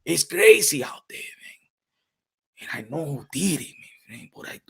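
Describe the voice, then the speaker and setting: Brief: a man putting on a loud, boastful older Puerto Rican party guy, high-pitched, mixing Spanish in. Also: expressive, moderate pace, creaky, breathy edge, heavily acted. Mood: hushed. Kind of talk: comedic character bit.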